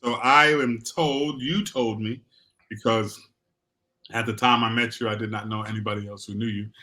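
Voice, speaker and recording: A man's voice: on the low side, fairly even intonation, normal speed, pushed and bright. A man hosting a talk show, affirming his guest and moving the show along. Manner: affirming, keeps saying right.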